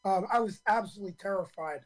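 A hoarse man in his fifties, a stand-up comedian telling his story in a radio interview, earnest and full of ums and restarts. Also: high voice, fast, rough recording.

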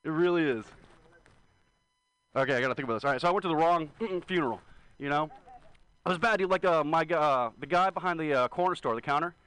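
A man's voice: on the high side, fast talker, long pauses, a bit bright, clean tone, rough recording. Hungover young man rambling through stand-up. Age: 20s. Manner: rambling, self-deprecating, profane. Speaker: stand-up comedian. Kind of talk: stand-up set at an open mic.

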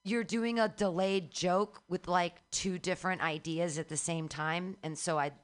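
A woman's voice: fairly low pitch, steady tone, unhurried. A woman hosting a comedy show, chatting casually and rambling, laughing often. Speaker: host. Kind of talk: casual chat.

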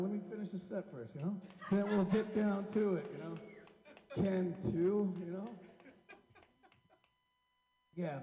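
Profane stand-up comic in an echoey hall. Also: male voice, high-pitched, mellow. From Seattle area. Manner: profane, rambling, says "man" constantly. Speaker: stand-up comedian. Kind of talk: stand-up comedy set. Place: comedy club stage. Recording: dull, echoey hall recording.

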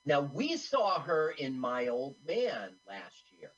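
A woman's voice: rumbling low, huge pitch swings, takes it slowly, breathy edge, highs cut off. A woman co-hosting a radio show, recounting a movie plot in a matter-of-fact, critical way. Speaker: radio co-host. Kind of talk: casual film-talk chat.

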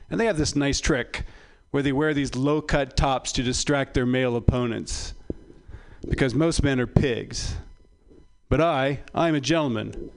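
Male comic, dry and self-mocking, a touch higher-voiced than most men. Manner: dry, self-deprecating delivery. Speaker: stand-up comedian. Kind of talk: stand-up comedy set.

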